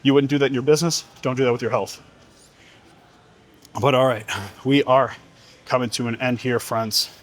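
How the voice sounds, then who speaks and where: A man's voice: mid-range voice, fairly even intonation, normal speed, long pauses. Blunt, foul-mouthed fitness coach, man. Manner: blunt and heavily profane; emphatic, rhetorical questions. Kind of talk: motivational monologue.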